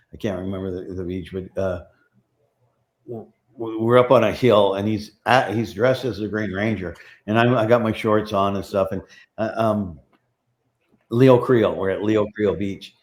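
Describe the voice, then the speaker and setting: A middle-aged man, a prop master, rambling through casual stories in an interview and acting out the voices of people he quotes. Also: low-pitched.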